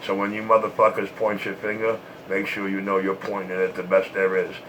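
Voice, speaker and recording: A man's voice: sits low, monotone, brisk, a crowd in the background, low-quality recording. A man trash-talking and taunting in a repetitive, boastful way, short of breath from smoking.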